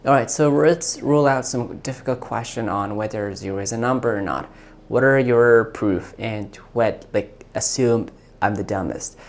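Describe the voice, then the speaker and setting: A man hosting a tech video, talking informally and eagerly, often halting and repeating words as he chats with an AI assistant and his viewers. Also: mid-range voice, slight background noise. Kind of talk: casual talk to an AI voice assistant and to viewers.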